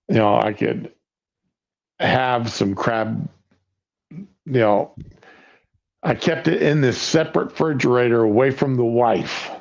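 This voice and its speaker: A man co-hosting a casual live stream chat, talking slowly and haltingly with restarts. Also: mid-range voice, gravelly, a little mellow. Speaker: co-host. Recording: dull lo-fi audio.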